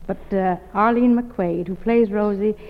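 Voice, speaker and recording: A woman's voice: medium pitch, measured pace. A woman guest on a 1950s radio variety show, speaking in a homely, motherly way. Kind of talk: 1950s radio comedy dialogue. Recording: dull 1950s radio broadcast in a reverberant studio.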